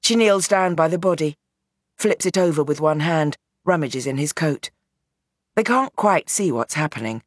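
Low, husky woman narrating. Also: lively intonation, moderate pace, no echo, clean studio sound. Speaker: audiobook narrator. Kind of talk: scripted narration.

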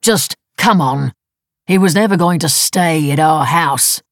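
A woman's voice: low voice, measured pace, no echo, studio quality. A woman doing a curt, evasive older husband. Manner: clipped, curt replies.

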